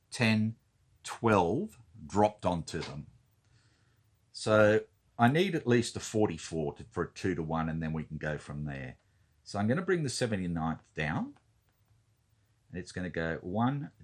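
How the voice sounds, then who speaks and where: A man talking through his turn in a board wargame, thinking aloud and counting units with many fillers. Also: sits low. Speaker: wargame player. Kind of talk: casual talk-through of a board game turn.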